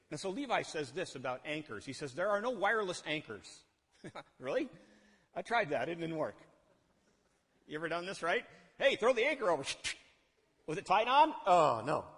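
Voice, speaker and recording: A male pastor preaching a sermon, lively and animated, often asking the congregation questions and acting out the people he quotes. His voice sits a little high for a man. It rings out with a long reverb in a church hall. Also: slightly rough. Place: church sanctuary.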